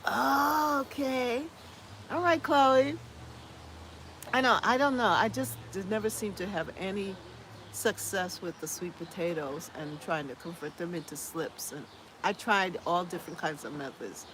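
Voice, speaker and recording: A woman's voice: lowish voice, normal speed, fairly bright tone, a little hiss or hum. A woman from the US hosting a casual gardening live stream, reading viewer comments aloud and chatting back with easy laughs. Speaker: host reading live chat.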